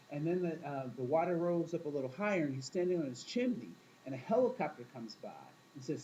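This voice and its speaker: Male teacher, mellow voice, chatty storyteller who quizzes the class, dull lo-fi classroom recording. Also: on the high side, lively intonation, fairly quick, few pauses, slight background noise. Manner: storytelling, asks the class questions, acts out quoted voices. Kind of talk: classroom talk to students.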